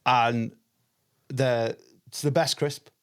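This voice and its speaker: A man, hosting a podcast and chatting in quick, playful banter. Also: medium pitch, fairly even intonation, a bit bright, clean tone. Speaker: podcast host. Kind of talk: casual chat.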